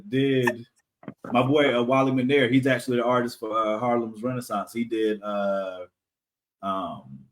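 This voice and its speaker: A man, a comic creator guest, talking casually in a podcast interview, rambling with fillers and frequent laughs. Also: medium pitch.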